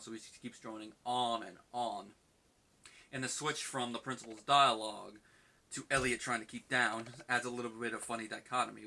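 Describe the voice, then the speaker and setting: A man giving a casual spoken book review, rambling loosely and acting out quoted lines in quick bursts. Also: mid-range voice, pushed and bright.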